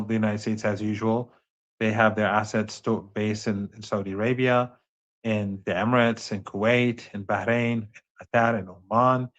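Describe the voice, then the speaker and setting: A man, a professor speaking as an interview guest, talking in a measured way with frequent restarts. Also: lowish voice, fairly bright tone, lo-fi sound. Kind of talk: remote interview commentary.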